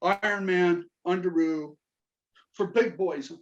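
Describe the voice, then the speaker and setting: Slow and high-pitched, a man in his forties does stand-up comedy, trading in dry self-mockery. He's a Navy veteran from Kentucky with a Southern American accent, captured in lo-fi sound.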